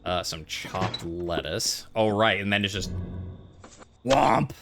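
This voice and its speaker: A man's voice: deep voice, slow, music in the background. A man giving casual, rambling commentary while playing a game, full of joking asides. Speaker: game player. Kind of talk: casual let's-play commentary. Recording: steady background noise.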